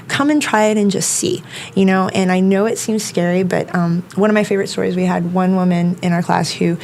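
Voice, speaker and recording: A woman's voice: on the low side, vocal fry, darkish tone, a little hiss or hum. A woman self-defense instructor talking casually as a podcast guest, filling her speech with "like" and "you know.". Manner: chatty, many fillers like "like" and "you know".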